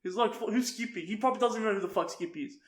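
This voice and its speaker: Talking rapid-fire, a high-voiced young Australian man co-hosting a podcast rattles off a crude story full of laughter and swearing. The room is echoey, so his voice rings around it.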